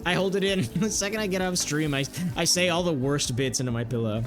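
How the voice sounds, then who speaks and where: A man's voice: a little high, fast. A young man streaming a game, riffing jokes to his chat and laughing often. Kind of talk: casual livestream banter while gaming.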